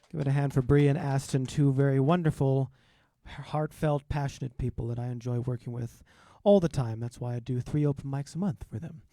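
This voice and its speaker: A man's voice: medium pitch, fairly even intonation, a little fast, warm tone. A man hosting an open mic, upbeat, hyping the crowd and introducing the poets. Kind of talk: emcee introductions.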